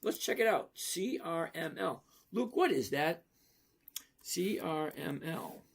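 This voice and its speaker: Male livestream host, unhurried and emphatic, conversational delivery. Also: a little high, expressive, vocal fry, husky. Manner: slow, emphatic, repeats "okay?" to check understanding. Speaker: livestream host answering viewer questions. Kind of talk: casual livestream chat about stocks.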